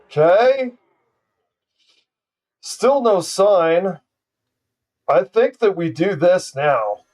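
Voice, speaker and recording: A man's voice: sits high, expressive, very slow, a little mellow, recorded from a distance. A man streaming a card game live, ranting and swearing in profane trash talk at his opponent. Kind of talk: live gameplay commentary.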